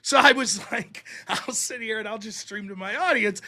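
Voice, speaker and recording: A man with a strikingly high, bright voice talks as a guest on a casual show. He tells his side in a blunt, profane, animated way. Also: normal speed. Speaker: guest streamer and debater. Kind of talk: casual podcast conversation.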